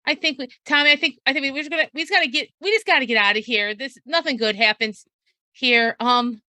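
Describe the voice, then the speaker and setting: A woman's voice: high-pitched, fast talker, pushed and bright, no room sound. A woman playing a tabletop game, speaking casually in character and often restarting her sentences. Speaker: player.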